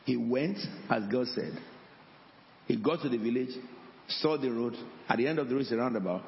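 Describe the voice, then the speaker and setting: A man's voice: medium pitch, normal speed, gravelly, a little hiss or hum. A man preaching a sermon as an apostle, telling a story and acting out the dialogue with repeated words. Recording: dull, echoey hall with faint ambience.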